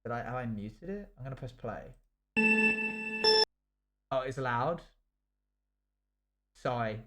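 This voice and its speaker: A male livestreamer chats casually with his chat, telling rambling stories and acting out what people said in a raised voice. His voice is medium-pitched with lively intonation and a slow pace, heard over loud music.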